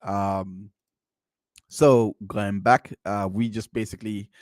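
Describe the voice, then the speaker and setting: A man's voice: fairly low pitch, steady tone, takes it slowly, a little mellow, dry recording. A man hosting a channel, giving casual commentary on court transcripts, often repeating himself and making incredulous asides. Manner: repetitive, restarts phrases, incredulous asides.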